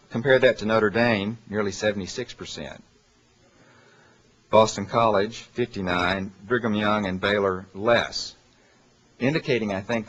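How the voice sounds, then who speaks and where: A man giving an academic lecture from a handout, pausing often with fillers and correcting himself. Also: on the low side, a bit bright, slightly rough. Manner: halting, many "uh" fillers and self-corrections. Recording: dull lo-fi lecture recording.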